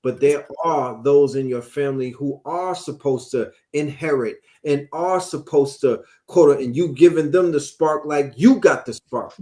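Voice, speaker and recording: A man on a panel, speaking in a forceful, preachy and streetwise way. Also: a little high, unhurried, hardly any pauses. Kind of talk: panel discussion.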